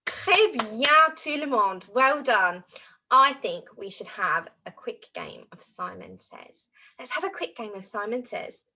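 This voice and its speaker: A woman teaching French words to young children in an animated, sing-song way, modeling each word for the children to repeat. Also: mid-range voice. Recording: dull lo-fi audio.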